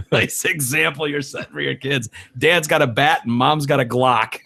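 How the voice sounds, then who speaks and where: A man hosting a casual podcast, telling stories with lots of swearing, laughter and loud voices for the people he quotes. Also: medium pitch, unhurried, gravelly, slight background noise. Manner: swears freely, laughs often. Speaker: podcast host.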